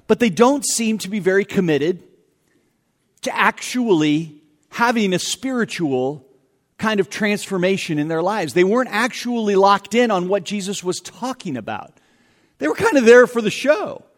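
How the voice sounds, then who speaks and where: A man preaching a sermon as pastor, conversational and animated, with self-deprecating asides. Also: sits high, long reverb tail.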